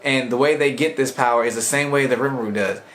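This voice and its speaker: A man's voice: medium pitch, quick pace, a bit bright, slight background noise. A young man casually reviewing an anime episode in a rambling, slangy way, often acting out the characters' lines.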